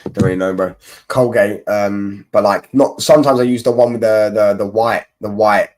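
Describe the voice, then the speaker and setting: A man's voice: lowish voice, fairly even intonation, moderate pace, a little mellow. A young man hosting a casual football live stream, reading chat comments and mocking rival fans in rambling, slangy banter.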